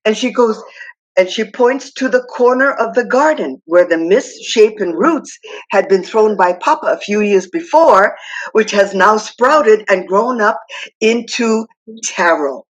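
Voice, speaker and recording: A woman from Hawaii telling a traditional myth slowly and dramatically as a guest speaker. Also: medium pitch, animated, muffled recording. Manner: slow, dramatic storytelling that acts out the characters.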